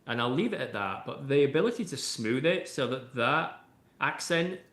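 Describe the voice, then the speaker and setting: A man's voice: mid-range voice, animated, normal speed, fairly bright tone. Chatty man in an echoey room. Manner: explains at length with frequent "you know" and "right?". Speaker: AI and automation expert, podcast guest. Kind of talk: conversational interview answers. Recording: roomy echoey room sound.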